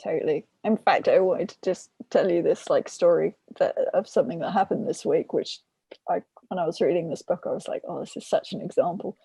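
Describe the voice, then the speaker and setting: Chatty mom guest, husky with some fry, talks in loose stories full of fillers. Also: female voice, lowish voice, a little fast, mellow, dry recording. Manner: chatty, retells stories with quoted voices; many fillers and restarts. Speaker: podcast guest, parent and trainer. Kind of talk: casual conversation.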